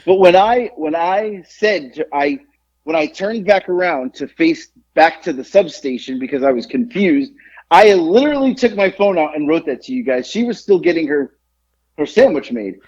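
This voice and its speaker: A man's voice: moderate pace, lo-fi sound. A man co-hosting a podcast, telling a story in casual chat and acting out the people in it with big jumps in his voice. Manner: animated storyteller, acts out quotes with big pitch jumps. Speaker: podcast co-host.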